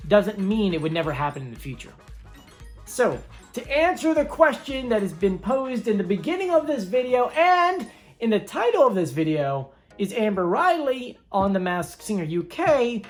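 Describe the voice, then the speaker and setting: A woman hosting a casual commentary video, chatting and thinking aloud as she weighs up her guesses. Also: medium pitch. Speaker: video host.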